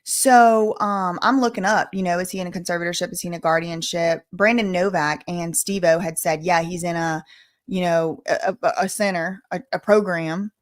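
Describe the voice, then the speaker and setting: A young woman hosting a casual livestream, reading out donations in an excitable, gushing way and swinging between chatty and emotional. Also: lowish voice, normal speed. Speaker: livestream host.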